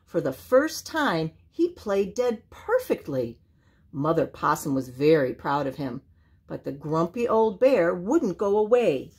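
Older lady reading a kids book, slow and sing-songy, a bit husky. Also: lowish voice, very animated. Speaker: storyteller. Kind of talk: children's storybook read-aloud.

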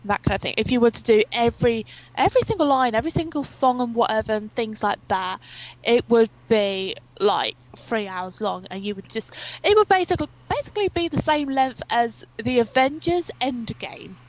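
A woman's voice: fairly high pitch, normal speed, low-quality recording. A young woman from England, an interview guest, telling long stories in a rambling, chatty way with many fillers. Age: young adult. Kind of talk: casual chat.

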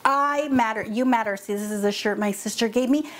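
A woman's voice: medium pitch, fairly even intonation, brisk, noisy background. A woman hosting a home vlog, telling a story in a mock-upset, dramatic way and acting out the other people's lines, on a lapel mic. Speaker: vlog host. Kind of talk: casual chat to camera. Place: home kitchen.

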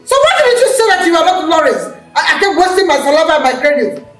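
An actress playing a strong-willed mother who is planning her son's wedding and is firm and quick to scold. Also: mid-range voice, expressive, a little mellow, faint music behind, natural voice. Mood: angry. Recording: echoey room, mic at a distance.

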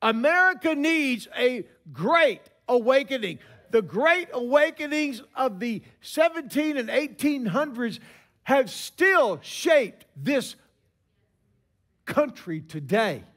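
A man in his sixties preaching a sermon, telling stories with emphatic pauses. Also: extremely high pitch, animated, fairly bright tone.

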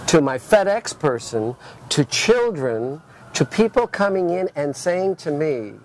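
An older man with a fairly high voice tells animated stories over lunch, often restarting his sentences. A faint hum of noise sits behind him in a restaurant. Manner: animated storyteller, frequent restarts. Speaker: gallery owner. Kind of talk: casual lunch conversation.

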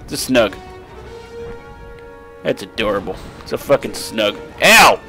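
A young man casually commenting on his gameplay as a let's play host, excitable and profane and often laughing, recorded on a desk microphone. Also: lowish voice, unhurried, faint music behind.

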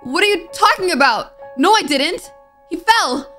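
A woman's voice: extremely high pitch, expressive, a little slow, sharp tone, faint music behind, pitched above the performer's own voice, heavily acted. A woman voicing a frightened child who stammers defensively, reading a game's dialogue. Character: frightened child denying blame.

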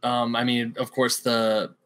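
A man's voice: mid-range voice, a little slow. A young man co-hosting a podcast, casually retelling scenes and quoting lines in playful voices. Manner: animated storyteller, quotes lines in voices. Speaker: podcast co-host. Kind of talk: casual chat.

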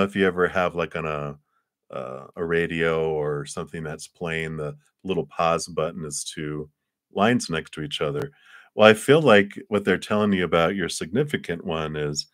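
A man giving live tarot readings in a gentle, rambling way with playful asides. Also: low-pitched, dry recording, clean studio sound. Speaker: tarot reader.

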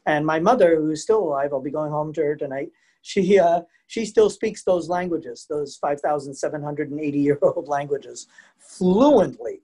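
Male museum educator, chatty and animated, live virtual lecture on a video call. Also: fairly high pitch, normal speed, husky. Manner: chatty, animated, asks the audience questions. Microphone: computer mic on a video call.

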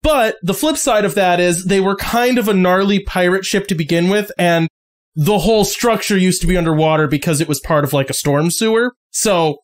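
A man's voice: high voice, moderate pace. A man narrating a tabletop game as game master, casual and rambling with lots of fillers.

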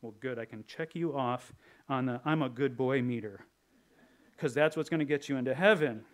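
A man's voice: mid-range voice, moderate pace. A male pastor giving a conversational, joking sermon, now and then slipping into playful character voices. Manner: conversational, jokey, drops into put-on voices.

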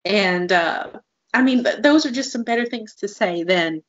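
A woman's voice: mid-range voice, expressive, normal speed, no echo, highs cut off. A woman co-hosting a podcast, talking in an earnest, casual way that is full of "like"s. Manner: earnest, talks through examples with many "like"s. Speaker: podcast co-host.

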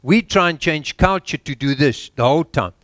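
A South African pastor preaching a sermon in church, exhorting with rhetorical questions and dropping his voice low for emphasis. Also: expressive, moderate pace, a bit bright, dry recording.

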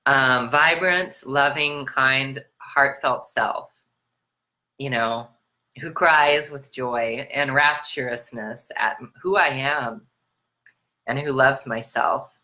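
A woman's voice: takes it slowly, pushed and bright. An American woman giving a motivational sermon on self-love, piling up rhetorical questions and swearing freely. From United States. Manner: preachy, repetitive rhetorical questions, swearing, big swings in pitch. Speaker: spiritual self-love coach.

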